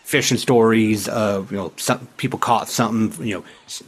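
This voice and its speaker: A man's voice: on the low side, fairly even intonation, normal speed, husky. A man doing a rambling old-timer local. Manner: rambling, stammering, chuckling. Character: folksy talkative older male townsman.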